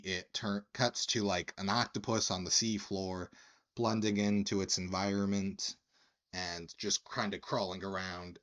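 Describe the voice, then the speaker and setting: Slow, halting male storyteller. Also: low-pitched, a bit bright. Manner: slow, halting anecdote telling with quoted voices. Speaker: podcast co-host. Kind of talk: casual storytelling chat.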